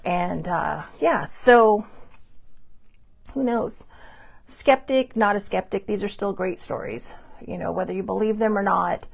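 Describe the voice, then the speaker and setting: A woman's voice: mid-range voice, measured pace, gravelly, slightly rough. A woman hosting a podcast, chatting casually and rambling through stories with lots of asides. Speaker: podcast host. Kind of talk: casual storytelling monologue.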